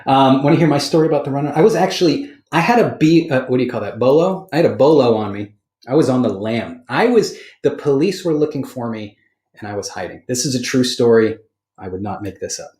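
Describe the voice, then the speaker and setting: A man's voice: medium pitch, brisk, echoey room. A man hosting a podcast, chatting casually and telling stories with plenty of laughs. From Boston area, USA. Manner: animated storyteller, laughs often. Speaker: podcast host. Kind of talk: casual chat.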